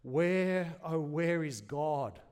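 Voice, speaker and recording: A man voicing a terrified, newly dead man who cries out slowly in the dark, in a read-aloud sermon story. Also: a little high, creaky. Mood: desperate. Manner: slow, drawn-out, desperate pleading.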